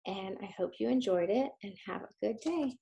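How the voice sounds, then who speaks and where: A woman's voice: medium pitch, moderate pace, vocal fry, dark tone. A woman reading a children's book aloud at a church service, adding chatty asides for her listeners. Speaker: story reader at a church service.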